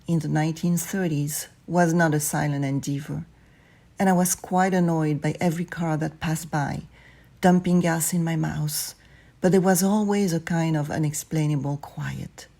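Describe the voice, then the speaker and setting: A woman reading student stories aloud in a calm, measured way. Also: low-pitched. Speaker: narrator.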